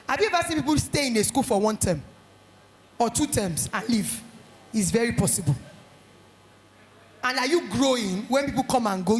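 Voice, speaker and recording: A middle-aged woman with a Nigerian accent giving a lively motivational talk at an education conference, acting out little scenes. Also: on the high side, echoey room. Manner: animated, acts out little scenes in quoted voices.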